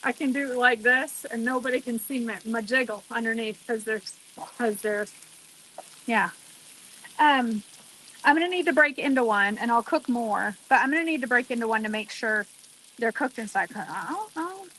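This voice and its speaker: A woman's voice: fairly high pitch, normal speed, fairly bright tone, a little hiss or hum. A woman vlogger chatting casually as she cooks outdoors on her deck, talking straight to her viewers with lots of exclamations. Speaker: cooking vlogger. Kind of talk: casual chat while cooking.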